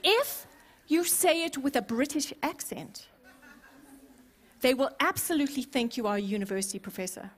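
Lady pastor preaching, high voice, jokey asides to the crowd, acts stuff out. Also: normal speed. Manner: humorous, playful asides to the congregation; expressive, acts out scenes. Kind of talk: sermon.

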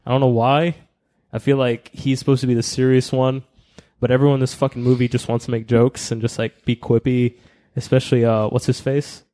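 A man with a mellow, darker tone talks through a casual movie-review chat. He often hesitates and restarts his sentences, and he swears loosely along the way. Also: medium pitch, little pitch movement, a little fast. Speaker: podcast co-host.

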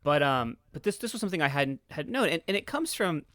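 A man's voice: fairly high pitch, big pitch swings, fast, a bit bright, no room sound, clean studio sound. Earnest man with a Philly accent. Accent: Philadelphia. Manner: earnest, many stammered repeats and fillers. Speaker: podcast guest. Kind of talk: explaining in casual conversation.

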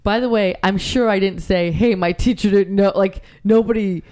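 Animated woman telling a story. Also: medium pitch, normal speed. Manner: animated, acts out quotes, laughs often. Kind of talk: casual storytelling chat.

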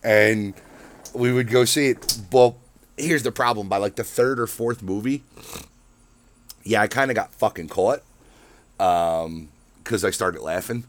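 Low-voiced man ranting, swearing freely. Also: unhurried, pauses often. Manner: profane and rambling, full of swearing and fillers. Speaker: podcast host. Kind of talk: casual monologue rant.

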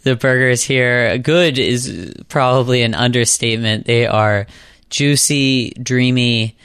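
A man hosting a podcast interview, asking questions in a gentle, friendly way. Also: mid-range voice, slow, clean tone, no room sound, studio quality. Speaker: podcast host.

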